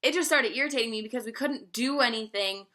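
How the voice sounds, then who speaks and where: Brief: bright, tense-toned woman in her 20s, swearing, animated storytelling vlog. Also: on the high side, fast. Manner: profane, animated storytelling with frequent laughs. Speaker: vlogger.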